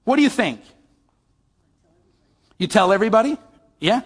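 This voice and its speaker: A man with a high-pitched voice delivers a sermon in a conversational way and keeps putting questions to the people listening. His voice rings out in a large hall with a long reverb tail. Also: lively intonation, normal speed, husky. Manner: conversational, asks the audience questions. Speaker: pastor.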